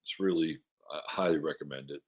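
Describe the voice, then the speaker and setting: A man's voice: very deep voice, fairly quick. A man hosting an astrology podcast, talking casually and rambling, often repeating himself as he goes. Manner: coos softly to his dog.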